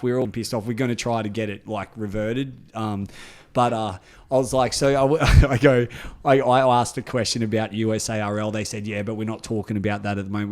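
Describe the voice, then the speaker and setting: Animated, swearing man telling a story. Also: fairly low pitch. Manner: animated, swearing, laughs through his story. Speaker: podcast co-host. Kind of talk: casual storytelling chat.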